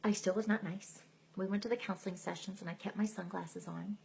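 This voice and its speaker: A woman's voice: mid-range voice, steady tone, fairly quick, creaky, a little mellow, a little hiss or hum, low-quality recording. A middle-aged woman giving a candid, emotional personal testimony live on a stream, laughing at herself as she tells it. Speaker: speaker sharing her testimony. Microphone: phone or computer mic on a live stream.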